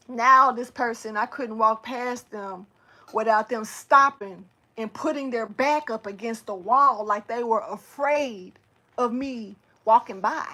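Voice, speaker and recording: Animated, slangy woman telling a story. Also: fairly high pitch. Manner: animated, swearing, slangy, talks straight to viewers. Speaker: spiritual reader. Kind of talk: casual storytelling to camera.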